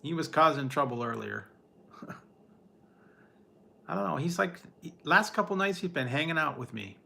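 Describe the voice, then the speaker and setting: A man hosts a casual livestream from home, rambling, laughing often, chatting with live viewers and talking to his pet. His voice is fairly high, animated and at normal speed, gravelly, bright and forceful.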